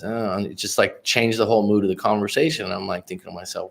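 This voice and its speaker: A man's voice: lowish voice, steady tone, rapid-fire, vocal fry, hardly any pauses. A talkative, outgoing young American man from California, telling stories casually to a livestream chat. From California, Bay Area. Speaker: life coach hosting a livestream. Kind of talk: casual storytelling to live chat.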